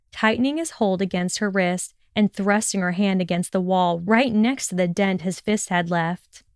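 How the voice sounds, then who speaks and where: Female narrator for fiction: steady, expressive, smooth and dry. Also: mid-range voice, no echo. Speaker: audiobook reader.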